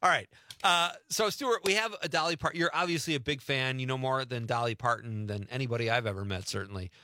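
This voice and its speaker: A man's voice: medium pitch, fast, bright, forceful tone, slight background noise. A man hosting a radio show, chatting casually, joking and laughing as he runs a quiz. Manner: laughing, playful, teasing.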